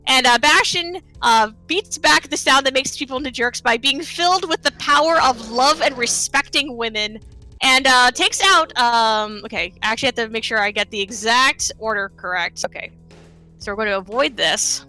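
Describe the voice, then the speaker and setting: A woman speedrunner narrates her live game run in a loose, chatty way, full of fillers and playful asides. Her voice is high and bright. The talk is easygoing and conversational. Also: normal speed, soft background music. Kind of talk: casual live game commentary.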